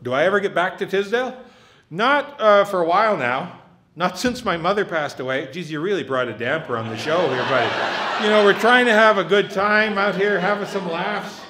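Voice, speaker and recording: On a live theatre stage, a stand-up comedian in his fifties hosts an audience Q&A, joking with the crowd and poking fun at himself. He speaks at a normal speed in a high-pitched, animated voice.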